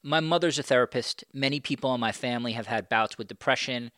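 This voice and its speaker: Bright, crisp-voiced male interviewer. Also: mid-range voice, no echo, clean studio sound. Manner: measured, careful, clear questioning. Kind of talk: interview questioning.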